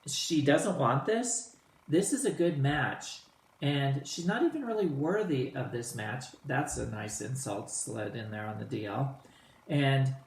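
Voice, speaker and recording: A man's voice: medium pitch, a little hiss or hum. Casual male teacher in an echoey room. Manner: casual, animated, retells lines in plain slang. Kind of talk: explaining a play to students.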